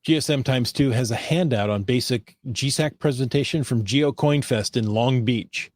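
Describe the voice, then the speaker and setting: A man's voice: mid-range voice, normal speed, dry recording, clean studio sound. A man hosting a casual podcast chat, talking loosely with restarts and easy laughter. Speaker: podcast host.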